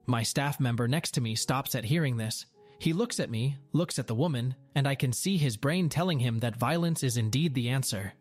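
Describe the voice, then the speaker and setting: A man's voice: mid-range voice, normal speed. Wry male storyteller over faint music. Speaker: store manager. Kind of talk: reading a story aloud.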